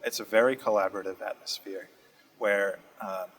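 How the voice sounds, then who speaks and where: A young man speaks in a low, fairly flat voice. He answers interview questions steadily and thoughtfully, stopping often on "uh" as he picks his words. He is being interviewed in a community TV studio. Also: normal speed, rough recording. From Massachusetts. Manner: steady, thoughtful, frequent "uh" fillers. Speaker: state representative guest.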